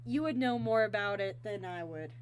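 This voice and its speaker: A woman hosting a casual livestream interview, talking haltingly with lots of fillers and bursts of giggling. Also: medium pitch, a little hiss or hum. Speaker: stream host.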